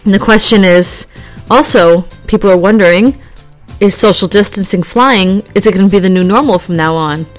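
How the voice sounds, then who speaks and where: A woman vlogger talking casually in a chatty, rambling way, laughing easily and getting animated as she acts out little scenes. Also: mid-range voice, moderate pace, faint music behind. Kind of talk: casual chat.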